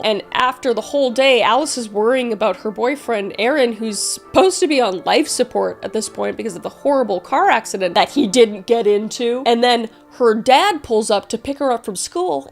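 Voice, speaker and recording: A woman with a fairly high voice recounts a crime case like gossip, swearing freely and stopping to check the viewer is keeping up. Faint music plays under her. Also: gravelly. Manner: chatty, profane, asides to the viewer. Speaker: storyteller. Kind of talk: casual true-crime storytelling.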